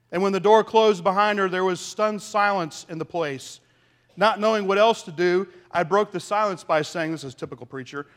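High-voiced man preaching a sermon. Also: fairly bright tone. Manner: earnest storytelling with dynamic swings in volume. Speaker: pastor.

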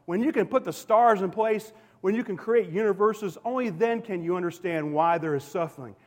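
A male pastor preaching a sermon in a church, emphatic and swinging between loud declarations and hushed, quiet lines. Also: high-pitched, normal speed. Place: church sanctuary. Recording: long hall reverb.

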